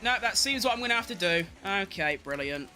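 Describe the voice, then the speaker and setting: A young man giving excitable live commentary on his own racing game, talking to himself and chanting while he drives. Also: high voice, fairly quick, slight background noise. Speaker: gaming streamer.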